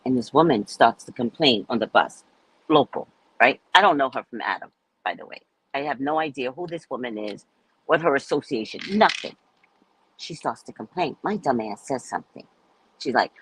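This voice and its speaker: A woman's voice: very deep voice, sing-song, normal speed, a little hiss or hum, poor audio. A woman from the United States hosting a casual livestream chat, telling stories in a loose, profane way and acting out the voices of the people she quotes. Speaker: livestream host.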